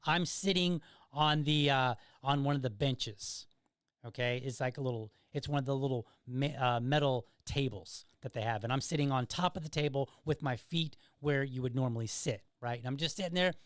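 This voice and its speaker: A man's voice: medium pitch, fairly quick, fairly bright tone, no room sound, clean studio sound. A middle-aged man hosting a podcast, telling a story in a casual monologue and often checking in with "okay?" and "right?". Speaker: podcast host.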